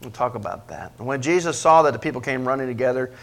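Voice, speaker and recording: A man preaching a sermon as pastor, questioning the congregation and swinging from quiet asides to emphatic, loud peaks. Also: lively intonation, fast talker, gravelly. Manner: preaches with big swings in pitch and loudness, rising to emphatic peaks; asks the congregation questions directly.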